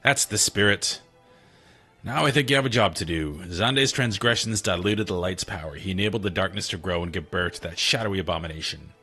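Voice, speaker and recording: A man reading the lines of kindly ghostly elder spirits in a retro game, solemn and measured. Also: low-pitched, sharp tone, slightly rough, faint music behind, exaggerated voice.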